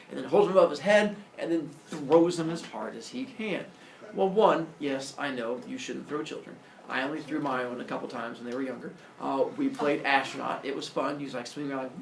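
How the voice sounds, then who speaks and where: A man's voice: on the high side, a little hiss or hum. Joking male teacher in an echoey classroom. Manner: jokey, animated storyteller. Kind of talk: classroom lecture, storytelling. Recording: roomy echo, distant mic.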